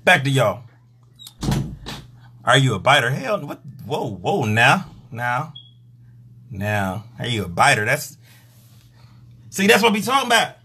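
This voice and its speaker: A bright, husky male voice in a loose, joking live-stream chat. He riffs crudely about sex and slips into mock voices to act out partners, laughing as he goes. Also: medium pitch, sing-song, slow, pauses often. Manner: crude, joking, acts out quotes.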